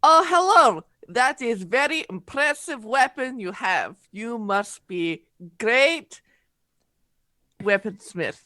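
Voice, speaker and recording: A woman playing an earnest, halting druid woman. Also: fairly high pitch, lively intonation, sharp tone, dry recording, full character voice. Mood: earnest polite. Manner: halting, dropping articles, formal. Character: earnest female druid speaking halting formal words.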